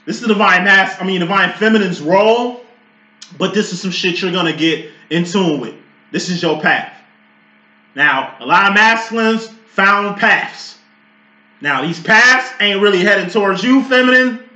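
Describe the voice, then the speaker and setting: A man in his late thirties talks through a tarot spread in loose, profane tangents. His voice sits high and sounds sharp and forceful, bursting into loud outbursts, with a roomy echo around it. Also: moderate pace. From Chicago. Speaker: tarot reader. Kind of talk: casual tarot reading talk.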